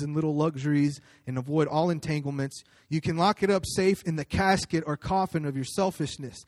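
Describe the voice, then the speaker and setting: A man's voice: a little high, steady tone, a little fast, hardly any pauses, darkish tone, no room sound, clean studio sound. A man preaching a sermon in a conversational storytelling way, with fillers and restarts as he recounts a personal story. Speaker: pastor.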